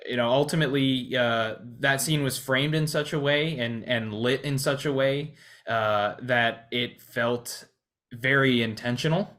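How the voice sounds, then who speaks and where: A man's voice: mid-range voice, fairly even intonation, a little slow, fairly bright tone. Hesitant man in casual film talk. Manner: hesitant, many restarts and fillers. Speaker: podcast co-host.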